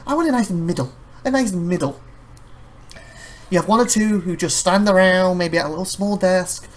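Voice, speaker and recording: A man rambling through casual gameplay commentary, chatty and quick to laugh. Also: high voice. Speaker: let's play host.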